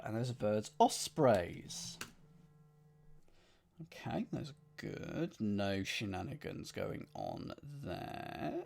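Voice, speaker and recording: A man's voice: mid-range voice, gravelly, darkish tone. A man streaming himself solving a cryptic crossword, reading clues aloud and musing over the wordplay. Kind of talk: thinking aloud while solving.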